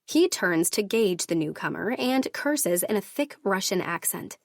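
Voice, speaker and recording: A woman narrating a first-person romance audiobook in a measured, even storytelling manner. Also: mid-range voice, vocal fry, no room sound, studio quality.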